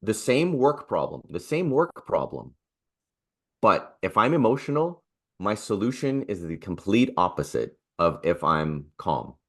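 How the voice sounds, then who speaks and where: A man's voice: low voice, big pitch swings, a little slow. A man who is a guest on a podcast, telling stories in an earnest, casual way. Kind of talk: casual conversation.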